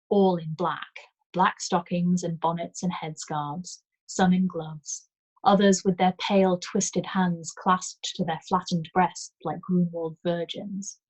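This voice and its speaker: A woman reading a novel aloud as a storyteller, in calm, measured first-person narration. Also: fairly low pitch.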